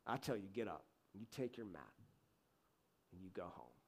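A man voicing a calm, authoritative male teacher who speaks with quiet command. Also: natural voice. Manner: low, quiet, measured.

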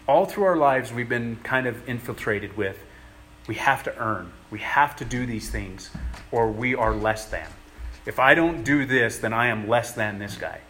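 A man giving a conversational sermon, earnest and plain-spoken, pausing often as he works through his thoughts. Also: medium pitch, expressive, a bit bright, a little hiss or hum. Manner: earnest, plain-spoken, halting with many pauses. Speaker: preacher.

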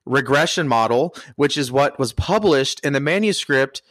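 A man's voice: medium pitch, expressive, moderate pace, fairly bright tone, no room sound. Laid-back man explaining in a dry studio. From United States. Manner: laid-back, jokey, plain-spoken explaining. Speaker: podcast co-host. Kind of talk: casual explanatory discussion.

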